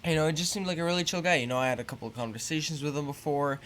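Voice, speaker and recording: This is a teenage boy vlogging straight to his viewers, his voice sitting a touch high for a guy. He rambles, piles up fillers, and curses casually as he talks. When he gets annoyed, he gets louder and more heated. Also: very fast, slight background noise. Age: teens. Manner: rambling, full of fillers and swearing. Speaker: YouTuber. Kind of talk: casual storytelling to camera.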